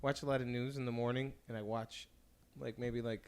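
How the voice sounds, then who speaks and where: A man hosting a podcast in casual chat, rambling and halting, trailing off as he talks, with a slight slur at times. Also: medium pitch, little pitch movement, a little mellow, clean tone. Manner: says his speech sometimes slurs slightly. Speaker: podcast host.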